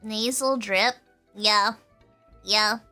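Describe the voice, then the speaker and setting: A woman's voice: mid-range voice, very slow, faint music behind. A young adult woman streaming a casual chat, reading viewer comments and often breaking into giggles. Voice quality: giggly, bubbly. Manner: animated, playful, often breaking into laughter.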